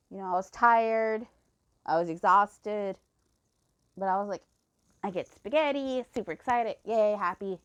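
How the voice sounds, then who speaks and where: A woman's voice: mid-range voice, smooth, muffled recording. A young woman telling a personal story in a heated, profane rant. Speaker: fan reader. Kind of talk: casual ranting storytelling.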